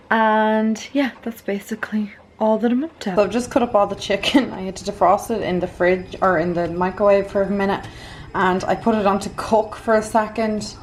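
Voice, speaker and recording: Woman vlogging from her kitchen, chatty, bit out of breath, lots of likes and ums, from the uk or ireland, mid pitch voice. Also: slight background noise. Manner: chatty, lots of "like" and "um", laughs easily. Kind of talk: casual vlog chat. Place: home kitchen.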